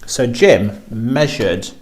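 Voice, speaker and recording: A man reading a children's storybook aloud, with a slow and expressive delivery. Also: medium pitch.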